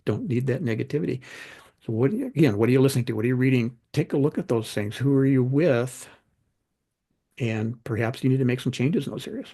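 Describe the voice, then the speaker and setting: Gravelly, husky middle-aged man, guest on a podcast; storyteller who acts out the dialogue. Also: medium pitch, fairly quick. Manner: animated anecdotes, acts out quoted dialogue. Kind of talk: conversational storytelling.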